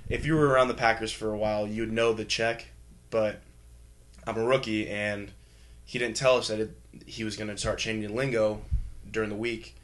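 A young man and pro football lineman telling casual stories, with loose rapid talk, laughter and offhand swearing. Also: fairly low pitch, flat delivery, a bit bright. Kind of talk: casual storytelling.

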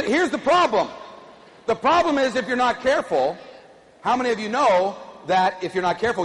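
A middle-aged man giving an animated keynote speech to a live audience, drawing call-and-response from the crowd. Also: high voice, slight background noise. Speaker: motivational speaker. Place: large conference hall. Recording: echoey hall, faint ambience.

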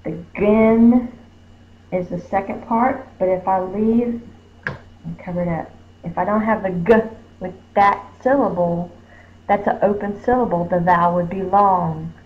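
A woman teaching spelling, sounding out words slowly and stretching each syllable. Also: medium pitch, fairly even intonation. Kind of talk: slow phonics lesson. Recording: roomy dull recording with faint hum.

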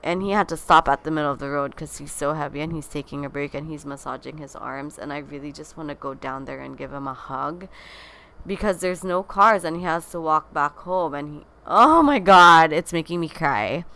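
A woman's voice: low voice, steady tone, fairly quick, gravelly, pushed and bright. A young woman, hosting a casual podcast from home. She sounds tired and talks in a candid, scattered way with lots of fillers and restarts. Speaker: podcast host. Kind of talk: casual rambling podcast chat.

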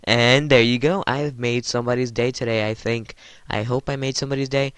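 A man hosting his gaming channel, giving excited gameplay commentary, giddy and stammering, addressing his viewers as guys. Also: mid-range voice, fairly quick, clean tone, dry recording.

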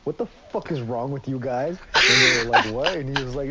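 A man's voice: medium pitch, fairly quick, heavy background noise. Young man telling a sweary story. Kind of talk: casual chat while gaming.

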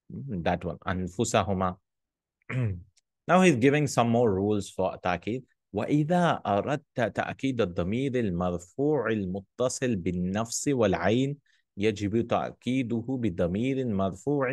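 A man teaching Arabic grammar in English, reading the Arabic text quickly and often checking in with a questioning "hmm?". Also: fairly low pitch, no echo, clean studio sound.

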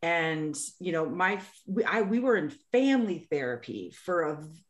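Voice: medium pitch, sing-song, moderate pace. A young adult podcast co-host speaking earnestly and affirmingly in casual chat, often checking in with "right?".

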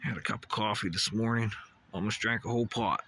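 Rambling, bright-voiced man on an outdoor walk. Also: lowish voice, a little fast, slight background noise. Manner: rambling, swears casually, talks to animals and trees. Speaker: vlogger. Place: outdoors on a hilltop walking path. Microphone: phone camera.

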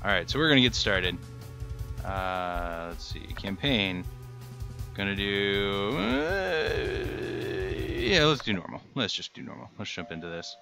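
A man's voice: fairly low pitch, very animated, unhurried, creaky, bright, forceful tone. A man host giving casual, rambling, self-mocking commentary while playing a game. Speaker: gaming channel host. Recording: faint game music behind. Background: game music.

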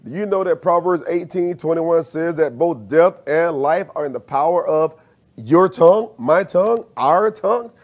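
A man's voice: on the high side, expressive, normal speed. A man preaching a sermon as minister, using call-and-response and rising to emphatic peaks.

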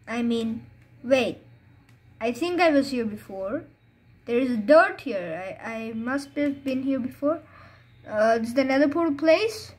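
A woman giving live, chatty gameplay commentary, excitable and full of fillers. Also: high-pitched. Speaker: gamer.

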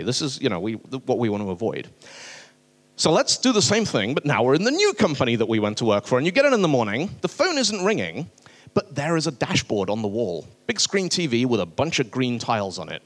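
A man speaking on a conference stage, telling stories and acting out little dialogues as he goes. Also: medium pitch. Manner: animated, acts out dialogue with voices. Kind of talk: conference talk.

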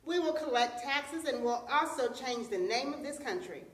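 A woman's voice: high voice, lively intonation, moderate pace, pitched above the performer's own voice. A woman voicing a group of huge, arrogant male tigers in a folktale, making domineering proclamations. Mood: boastful. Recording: roomy echo, distant mic.

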